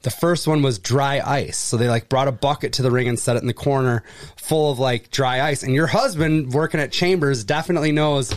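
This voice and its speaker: A man's voice: mid-range voice, a little fast, dry recording, studio quality. A man telling a story in casual podcast chat, loose and rambling with lots of fillers.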